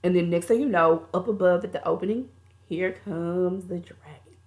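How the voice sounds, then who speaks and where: A woman's voice: lowish voice, normal speed, a little mellow. A woman reviewing a movie, recapping the plot in a chatty, colloquial storytelling way.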